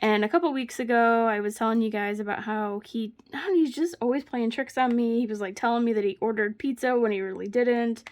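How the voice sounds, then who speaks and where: Crafting at home, a woman vlogger tells a story in a casual, chatty way, laughing often mid-sentence. Her voice sits on the high side with a darkish tone, and she talks a little fast with hardly any pauses.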